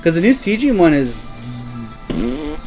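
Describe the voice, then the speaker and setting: A man hosts a casual live stream, chatting in a rambling, laid-back manner and laughing easily. His voice is a little high and sing-song at normal speed. Music plays in the background of the low-quality recording.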